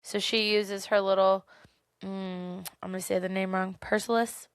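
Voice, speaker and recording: A woman co-host talking casually in an animated, chatty way, laughing often as she retells things. Her voice carries a gravelly fry, and the close mic sounds dry with no room around it. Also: medium pitch, normal speed, no echo. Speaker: podcast co-host. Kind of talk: casual book-club chat.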